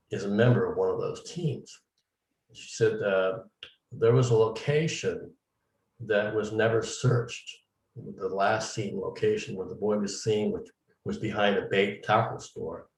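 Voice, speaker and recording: A man's voice: on the low side, fairly even intonation, a little slow, vocal fry, darkish tone, a little hiss or hum. A man being interviewed, telling his story casually and acting out the dialogue he quotes. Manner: recounts events at length, acting out quoted dialogue. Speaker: interview guest, medium. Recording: roomy, distant mic.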